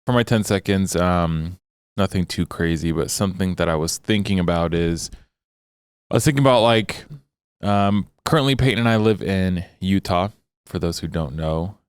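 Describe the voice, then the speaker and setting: A man's voice: deep voice, normal speed, clean tone, no room sound. A young man co-hosting a podcast, chatting casually in a rambling, jokey way. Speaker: podcast co-host. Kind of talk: casual chat.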